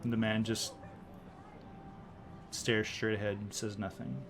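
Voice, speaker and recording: A man's voice: on the low side, flat delivery, slow pace, gravelly. A man running a tabletop game as dungeon master, narrating scenes in a loose, descriptive way with many likes and ums.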